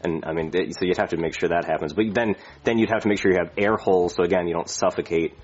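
A man's voice: low-pitched, fast talker. A man voicing a reckless, crude male airline pilot who rambles and brags, in muffled lo-fi audio. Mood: rambling. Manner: rambling, crude, cheerfully boastful.

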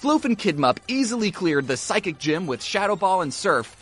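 Animated, high-voiced man narrating gameplay. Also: moderate pace. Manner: playful, jokey, talks to his game characters. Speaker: gaming YouTuber.

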